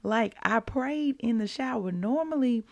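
A woman hosting a daily faith podcast, chatting with excitement and calling her listeners y'all. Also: on the high side, measured pace, gravelly, no echo. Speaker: podcast host. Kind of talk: casual devotional podcast talk.

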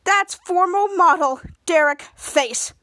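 A woman's voice: very high voice, slow, bright, forceful tone, no room sound, clean studio sound, exaggerated voice. A woman quoting a haughty, blunt female fashion boss in a cutting manner while recapping a show.

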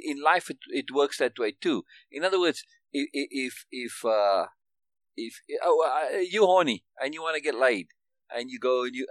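A man's voice: mid-range voice, fairly bright tone, no room sound. A man hosting a casual one-on-one conversation, explaining emphatically with lots of restarts and repeated words, and often checking in with "right?". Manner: keeps checking understanding with "right?". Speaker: podcast host.

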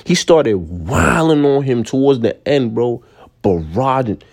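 A young man from New rants in a loose, slang-heavy way. His voice is dark and mellow but swings wildly in pitch, jumping into squeaky outbursts. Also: unhurried, gravelly. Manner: animated, slangy, sudden high-pitched outbursts. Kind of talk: casual rant to camera.

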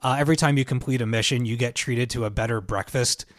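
Male podcast co-host, mid pitch, dry close sound, loose rambling delivery full of fillers. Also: steady tone, fast, dry recording. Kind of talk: casual chat about video games.

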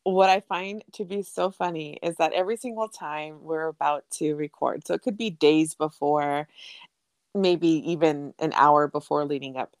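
Young woman podcast host, super animated, laughs and squeals a lot, drops spanish words, dry close sound. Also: moderate pace, no room sound. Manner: animated storyteller, bursts into laughter and high squeals; swears freely, mixes in Spanish phrases. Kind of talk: casual chat.

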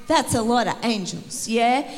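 A woman preaching an energetic sermon in a church, rallying the congregation and calling for responses. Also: a little high, unhurried, in a large hall, faint music behind. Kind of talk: sermon to a church youth service. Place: church hall.

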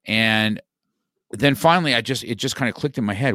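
A man's voice: mid-range voice, normal speed, bright, forceful tone, dry recording, clean studio sound. A middle-aged man, a podcast guest, telling a story in casual chat, rambling with many restarts and "you know, man.".

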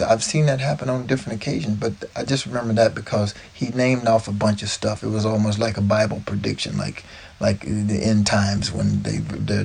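Gravelly man telling rambling stories. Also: on the low side. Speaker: guest. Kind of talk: casual storytelling.

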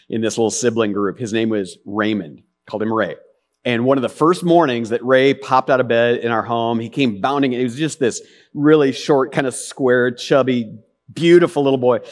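A middle-aged man preaching a sermon, earnest and conversational, with rhetorical questions and asides. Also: mid-range voice. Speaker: pastor.

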